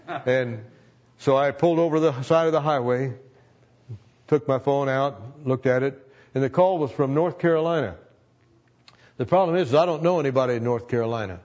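A man's voice: medium pitch, moderate pace, long pauses, darkish tone, highs cut off. A man in his seventies, a longtime pastor, telling a personal testimony with earnest emotion and repeating phrases for emphasis.

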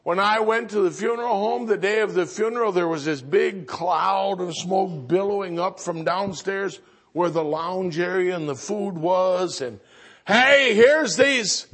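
High-voiced, husky storytelling preacher. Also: male voice, unhurried. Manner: storytelling preacher, swinging from loud exclamation to hushed earnestness. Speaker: pastor. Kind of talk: sermon.

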